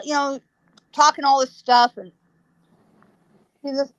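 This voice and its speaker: A woman, a psychic guest, telling a ghost story in a lively way, laughing often and acting out sounds. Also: high-pitched, unhurried, pauses often, no room sound, highs cut off.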